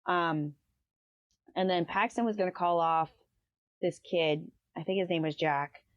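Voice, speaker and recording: A woman's voice: on the low side, a little slow, no echo, highs cut off. A woman hosting a casual book review, retelling the plot in a rambling way with lots of "um" and "like.". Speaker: book review podcast host.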